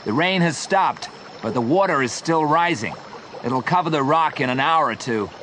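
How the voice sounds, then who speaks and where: A man voicing a brave, determined rescuer who shouts commands during a river rescue, read as a storybook character. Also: on the high side, animated, moderate pace, a little hiss or hum, voice pushed up. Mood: firm.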